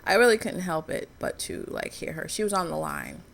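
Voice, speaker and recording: A woman's voice: lowish voice, wildly swooping pitch, fairly quick, gravelly. A woman vlogging in a candid personal commentary, telling a story in a frank, earnest way.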